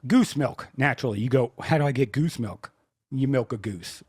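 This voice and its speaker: A man co-hosting a comedy podcast, explaining an absurd recipe in a deadpan, mock-serious way. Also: mid-range voice, normal speed, husky, no room sound. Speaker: podcast co-host.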